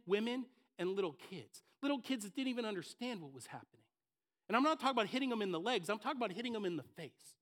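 A pastor with a high-pitched, fairly bright voice preaches a dynamic sermon. He acts out what his listeners might be thinking, voicing their inner thoughts in short quoted bits.

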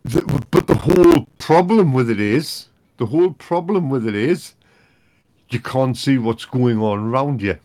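A man chatting casually on a podcast, laughing often as he talks. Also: mid-range voice. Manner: slow, animated, laughs often. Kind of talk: casual chat.

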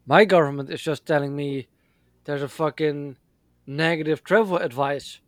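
A man's voice: a little high, fairly even intonation, normal speed, no room sound, clean studio sound. A man from Europe in casual chat, blunt and heavy on swearing. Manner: blunt and profane.

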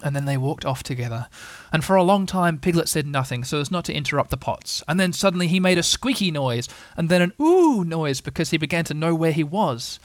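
A man narrating a children's story with a lively, lilting delivery and a fairly high voice. The sound is dry and close. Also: fairly quick, hardly any pauses, no echo. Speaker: audiobook reader.

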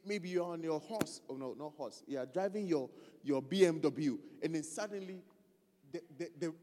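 A man preaching a lively sermon, loose and joking, often stopping to find his place in the text. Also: sits high, big-room sound. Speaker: pastor.

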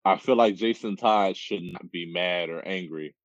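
Male podcast co-host, laid-back, low and slow delivery, dull dry lo-fi recording. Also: dry recording. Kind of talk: casual chat.

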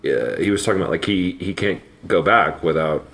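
A man talking casually in a hesitant, halting way, with many fillers. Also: deep voice, a bit bright. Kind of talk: casual chat.

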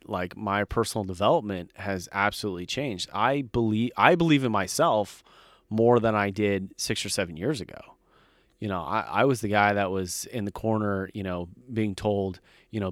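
A man's voice: lowish voice, a bit bright, no echo, clean studio sound. A man in his thirties co-hosting a podcast, telling stories in a blunt, profane, fired-up way. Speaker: podcast co-host. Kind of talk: casual podcast chat.

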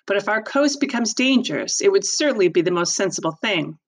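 Woman voicing a strict, sensible father in a storybook, firm and measured. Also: medium pitch, lively intonation.

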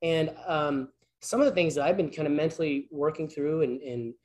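A man's voice: fairly high pitch, normal speed, a little mellow. A man who works as a PE teacher, filling in as a church speaker and giving an informal, story-driven sermon in a rambling, conversational way full of restarts.

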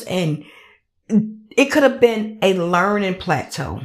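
A woman's voice: on the low side, takes it slowly. A woman hosting a podcast, talking casually and animatedly, repeating herself and acting out little voices. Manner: animated, repetitive, acts out voices. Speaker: podcast host. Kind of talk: casual commentary monologue.

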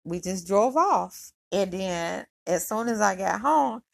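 A woman's voice: medium pitch, lively intonation, slow pace, creaky. A woman hosting a podcast, casually telling a personal story in a chatty, slangy way with lots of "um" and "he was like.". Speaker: podcast host.

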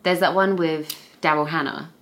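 A woman's voice: deep voice, steady tone, moderate pace. A young woman co-hosting a podcast, chatting casually and playfully with a giggly, jokey manner. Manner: giggly, playful, breaks into silly voices. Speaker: podcast co-host. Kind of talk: casual chat.

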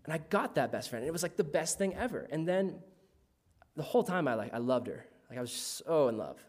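Man, somewhat high voice, casual personal testimony, filler-heavy chatty talk. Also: big pitch swings, a little fast, a little mellow. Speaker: storyteller.

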